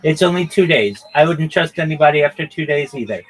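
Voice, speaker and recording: A man's voice: fairly high pitch, expressive, quick pace, poor audio. A man hosting a voice-chat livestream, talking in a friendly, welcoming way. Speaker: host.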